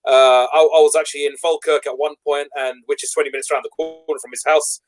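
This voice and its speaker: Fast, high-voiced English man hosting. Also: faint music behind. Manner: rambling, with many restarts and animated laughter. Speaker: show host. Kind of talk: casual debate chat.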